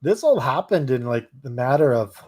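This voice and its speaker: A man co-hosting a podcast, chatting casually, hesitant with his words and quick to laugh. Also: medium pitch, expressive, darkish tone, husky. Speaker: podcast co-host.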